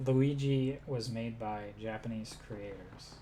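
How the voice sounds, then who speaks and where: Low-voiced woman streaming a game. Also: takes it slowly, dark tone, slight background noise. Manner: offhand, chatty, laughing at herself. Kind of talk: casual gameplay chat.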